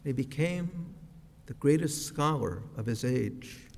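A man preaching a sermon as a rabbi, with a slow, measured, reflective delivery. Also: medium pitch, animated, creaky, darkish tone. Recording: long reverb of a large hall.

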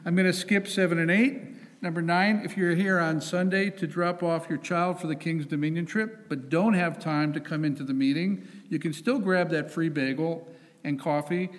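A man's voice: a little high, fairly even intonation, moderate pace. Joking man giving temple announcements. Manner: joking, upbeat. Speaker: temple president. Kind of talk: announcements at a service. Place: synagogue sanctuary. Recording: long hall reverb.

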